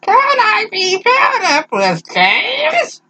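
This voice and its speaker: A man putting on a very high falsetto to voice a teenage schoolgirl. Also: wildly swooping pitch, very slow, bright, forceful tone, a little hiss or hum, exaggerated voice. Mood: pleading.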